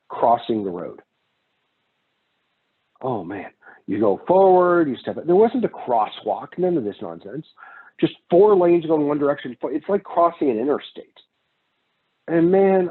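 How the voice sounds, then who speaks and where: Casual man lecturing on economics, husky tinny sound. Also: mid-range voice, animated, moderate pace. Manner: casual, digressive, with personal anecdotes. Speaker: economics instructor. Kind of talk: recorded lecture.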